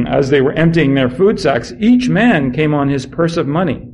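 A man's voice: on the high side, expressive, measured pace, gravelly, a little mellow, slight background noise, low-quality recording. A man with a congested throat reading a Bible passage aloud to a group of listeners. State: congested, clearing his throat. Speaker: scripture reader. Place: room with listeners present.

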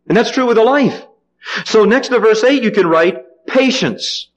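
A man preaching a sermon, asking the congregation questions and letting them call back the answers, with sudden swings in pitch and pace. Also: lively intonation, moderate pace, highs cut off. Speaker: pastor.

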